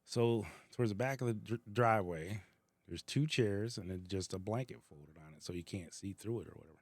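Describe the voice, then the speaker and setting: A man's voice: lowish voice, a little fast, no room sound. A man co-hosting a casual bar-talk podcast, telling a story with lots of swearing and laughter. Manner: animated, profane, laughs through his story. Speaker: podcast co-host.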